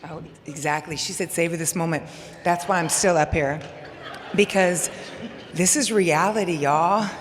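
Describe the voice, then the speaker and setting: A bubbly, excitable woman from Texas with a Texan accent, giving a rambling acceptance speech at a podium microphone. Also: on the low side, moderate pace. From Texas, USA. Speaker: hall of fame inductee. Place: large banquet hall. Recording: long hall reverb, faint noise.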